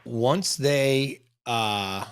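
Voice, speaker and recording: A middle-aged male host chats with a longtime friend in a lively, animated way. He sounds close and dry, with an ordinary mid-pitched voice. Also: very slow, smooth, no echo. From Boston area. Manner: warm, animated, friend to the guest. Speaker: podcast host, interviewer. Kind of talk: casual interview talk.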